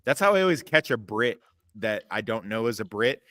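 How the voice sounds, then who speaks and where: An American man chatting casually with teasing, quick retorts. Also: fairly low pitch, big pitch swings, bright, forceful tone, no echo. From United States. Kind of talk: casual chat.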